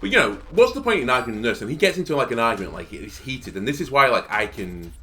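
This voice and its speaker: A man's voice: medium pitch, sing-song, quick pace, sharp tone. A young man telling a rambling story, full of fillers, while he comments on his game. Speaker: gaming video host. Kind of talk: casual commentary while playing.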